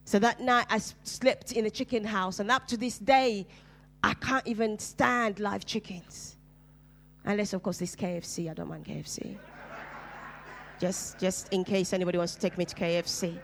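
A woman from Uganda, a pastor, preaching her personal testimony as a sermon, storytelling with swings from loud bursts to hushed, low asides. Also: fairly even intonation, moderate pace, slight background noise.

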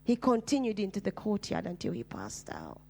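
A woman from Uganda, a pastor, preaching her personal testimony as a sermon, storytelling with swings from loud bursts to hushed, low asides. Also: huge pitch swings, moderate pace, gravelly, slightly rough.

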